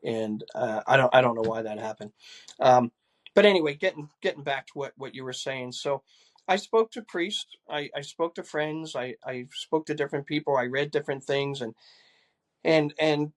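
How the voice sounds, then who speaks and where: A man's voice: mid-range voice, moderate pace. Older man telling an earnest personal story. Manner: earnest, repeats words while recounting dialogue. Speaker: retired police assistant chief, guest.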